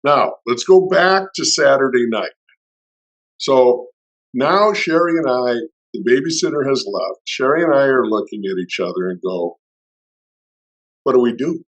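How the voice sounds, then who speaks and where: Middle-aged male podcast co-host, mid-pitched, storytelling, chatty with restarts. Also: expressive, normal speed, highs cut off. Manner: anecdotal, with restarts and acted-out quotes. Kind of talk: personal storytelling in conversation.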